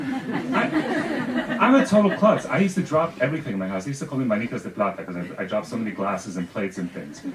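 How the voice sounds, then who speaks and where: A man with a very low voice tells a funny personal story on stage, dry and self-mocking. He sounds distant in an echoey hall, with a faint hiss under his voice. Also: very animated. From Spain. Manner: wry, self-deprecating, quick asides. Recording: echoey room, distant mic, faint noise.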